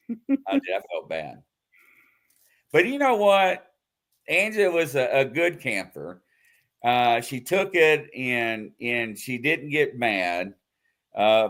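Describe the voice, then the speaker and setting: A man hosting a live show in casual chat, telling a story with loud acted-out quotes. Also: mid-range voice. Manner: animated storytelling, acts out quotes loudly. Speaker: host.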